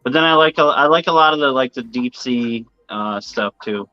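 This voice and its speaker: A man's voice: mid-range voice, normal speed, sharp tone, clean tone, no room sound, highs cut off. A man guest in a casual interview, telling rambling stories and swearing casually.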